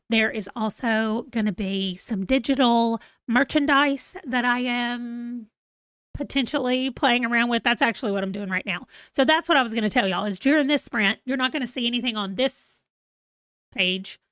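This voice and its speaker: A woman's voice: fairly high pitch, moderate pace, a bit bright, no room sound, studio quality. A middle-aged woman with a Southern US accent, chatting casually as she hosts a livestream and laughs at herself. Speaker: livestream host.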